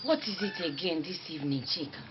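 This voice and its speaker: A woman playing a long-suffering wife, lively voice. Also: on the low side, brisk, very noisy, natural voice. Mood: defensive. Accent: Nigerian. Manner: pleading, soothing, then firmly defending herself. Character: patient, long-suffering wife caring for a sick husband. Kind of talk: film drama acting. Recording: dull lo-fi film sound with music.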